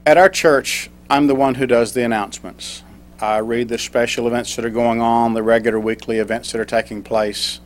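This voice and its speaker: A middle-aged man stands before a small club and tells a personal story in a prepared speech. His voice sits at an ordinary middle pitch, and he slows down for the lines he reads aloud. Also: fairly even intonation. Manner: storytelling, reads a poem slowly. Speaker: club speaker.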